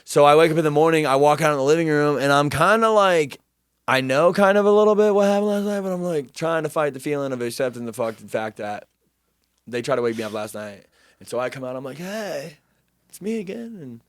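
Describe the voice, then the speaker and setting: A man's voice: mid-range voice, no room sound. Swearing young man telling a story. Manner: animated, profane, self-deprecating storyteller. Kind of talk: casual storytelling.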